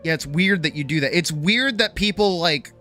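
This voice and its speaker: A woman streamer talking loosely to her chat, swearing freely and rambling through a pep talk. Her voice is bright and lively, jumping up and down in pitch, with soft music underneath. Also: normal speed. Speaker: streamer and artist. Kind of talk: casual livestream chat.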